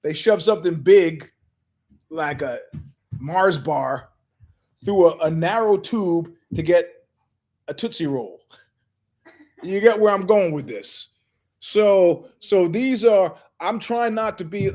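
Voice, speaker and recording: A man's voice: high voice, unhurried, darkish tone. A middle-aged man hosting his show, telling stories in an emphatic, digressive way and acting out the people he quotes. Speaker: show host. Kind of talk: animated storytelling monologue.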